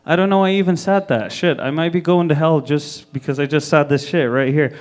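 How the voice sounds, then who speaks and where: A man's voice: fairly high pitch, a little fast. A man from Egypt doing a live stand-up set on a comedy club stage, chatty and crude, checking in with the crowd. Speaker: stand-up comic.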